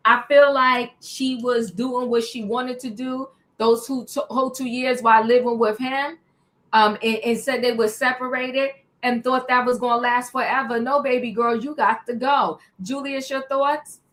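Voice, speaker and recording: A woman's voice: fairly high pitch, steady tone, normal speed, a bit bright. A woman hosting a casual panel talk show, reacting animatedly and calling on each panelist by name.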